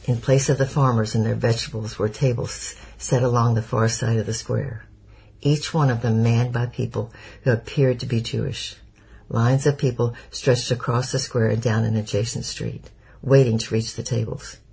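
A man narrating an audiobook chapter in a measured storytelling manner. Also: mid-range voice, steady tone, vocal fry, darkish tone, slightly rough, low-quality recording. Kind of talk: scripted narration.

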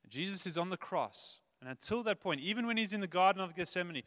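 A man preaching a sermon, animated, acting out the voices of the people in his stories. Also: high-pitched, fast talker, few pauses. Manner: animated, acts out quoted voices. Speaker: pastor.

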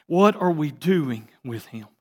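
A man preaching a sermon as pastor, swinging between emphatic rising bursts and quiet asides. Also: fairly high pitch, expressive, slow. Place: church sanctuary.

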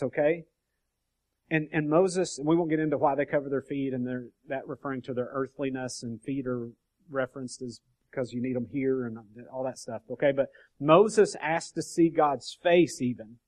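A man leading an informal Bible study, explaining scripture in a conversational way, often checking in with his listeners and restarting his sentences. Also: on the high side. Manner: conversational, frequent "okay?" check-ins and restarts. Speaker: bible teacher.

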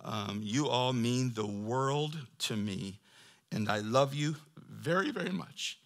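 A man's voice: mid-range voice, expressive, takes it slowly. A man preaching a sermon to his church in a conversational, joking way, reading scripture between asides. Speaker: pastor.

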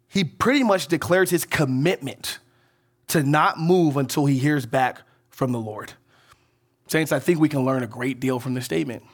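A man preaching a sermon as pastor. He keeps checking in with the congregation with "right?" and "okay?", and swings between emphatic rises and soft drops. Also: on the high side, husky.

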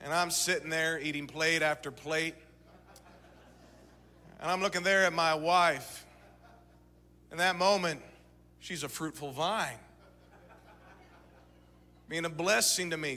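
A man in his thirties preaching a sermon, moving between shouted exhortation and quiet storytelling. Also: a little high, unhurried, pauses often. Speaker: pastor. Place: church sanctuary. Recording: church sanctuary reverb.

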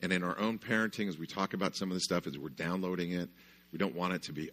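Low husky guy talking to a church crowd, chatty, keeps saying right?. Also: fairly even intonation, quick pace, a bit bright. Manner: conversational, lots of "right?" asides. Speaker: conference speaker. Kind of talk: storytelling parenting talk. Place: church conference stage.

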